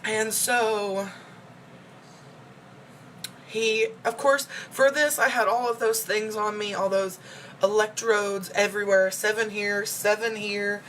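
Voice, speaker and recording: A woman's voice: medium pitch, steady tone, slow, a bit bright, a little hiss or hum. A young woman telling an emotional, rambling story in a casual vlog check-in, full of fillers. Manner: emotional and upset. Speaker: vlogger. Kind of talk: casual personal check-in video.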